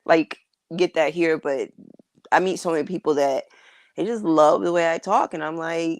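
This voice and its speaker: A woman's voice: deep voice, expressive, moderate pace, no echo. An American woman co-hosting a casual podcast, chatting and laughing with many restarts. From United States. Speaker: podcast co-host. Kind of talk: casual chat. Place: living abroad, talking remotely.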